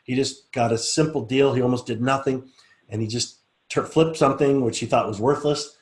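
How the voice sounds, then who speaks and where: A middle-aged man leads a live class. His voice sits at an ordinary pitch. He shifts from easy chat into a slow, soft, coaxing guided relaxation. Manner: relaxed, coaxing, speaks slowly and softly when guiding. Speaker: teacher leading a group session.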